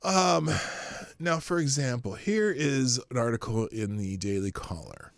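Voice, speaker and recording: A man's voice: medium pitch, expressive, measured pace, dry recording. A man hosting a live stream in a casual chatty way, reading articles aloud and laughing often. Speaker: live show host.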